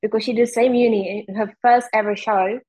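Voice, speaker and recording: A woman's voice: a little high, steady tone, dark tone, slightly rough, rough recording. Woman with a Czech accent, candid. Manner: candid, fast, heavy use of "like". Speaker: guest. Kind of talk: casual interview chat.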